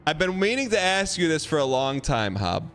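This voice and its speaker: A male game streamer talks casually in a rambling, joking way and reacts to his chat. His voice sits a bit high for a man, with faint game music playing behind him. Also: big pitch swings, normal speed, fairly bright tone. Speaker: gaming livestream host.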